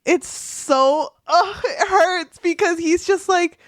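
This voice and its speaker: A young woman co-hosting a casual book podcast, excitable and swearing casually as she retells scenes. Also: very high voice, slow pace, no room sound, clean studio sound. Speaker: podcast co-host.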